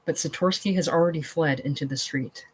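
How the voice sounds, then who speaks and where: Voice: medium pitch, brisk, husky, low-quality recording. A reader going through a play aloud, reading the stage directions in a plain way.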